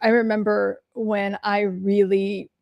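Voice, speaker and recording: A woman's voice: medium pitch, slow pace, gravelly, no echo, highs cut off. A woman hosting a podcast as a mental health coach, talking casually and bluntly, swearing freely and using lots of fillers. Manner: animated storytelling. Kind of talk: casual solo talk answering questions.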